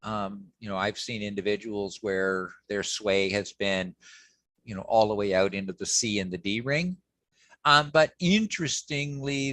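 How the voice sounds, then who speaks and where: A man giving an academic lecture in a relaxed, conversational way, often pausing with "um" and checking in with "okay" as he explains slides. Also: on the low side, no echo. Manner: conversational, frequent "okay" and "um" fillers, self-corrections.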